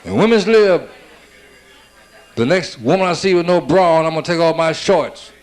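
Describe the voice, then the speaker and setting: A man firing off stand-up one-liners. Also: fairly high pitch. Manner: rapid-fire joke telling with "I said, she said" setups. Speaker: stand-up comedian.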